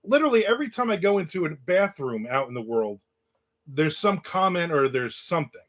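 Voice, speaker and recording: Here a Southern American man hosts an easygoing livestream, telling a story and reading viewer chat comments aloud. His voice is slightly high, sing-song and a bit bright, and he talks briskly.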